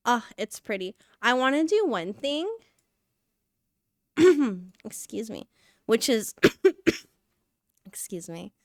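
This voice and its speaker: A woman streams live while she works, chatting casually, rambling, narrating what she's doing, and sounding a little out of breath. Her fairly high voice has a sing-song lilt and a slow pace with frequent pauses. The recording is clean studio sound with no room echo.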